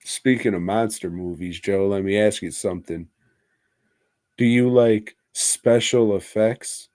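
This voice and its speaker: A man's voice: lowish voice, a little slow, darkish tone, dry recording. A man co-hosting a podcast, rambling through a casual movie review while drinking, swearing constantly and laughing mid-sentence. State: drinking, tipsy. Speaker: podcast co-host.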